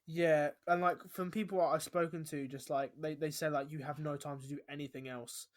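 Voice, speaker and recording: A man's voice: on the high side, fairly even intonation, normal speed. A man around twenty, hosting a podcast in casual chat, stumbling over repeated words and "like" fillers. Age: about 20. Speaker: podcast host.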